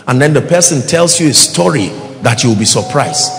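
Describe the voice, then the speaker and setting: This preacher, a man with a Nigerian accent, has a fairly high, creaky voice with lively intonation, speaking at a moderate pace with few pauses. Rhythmic and emphatic, he urges responses from the congregation and occasionally sings, his words echoing around a large hall over music.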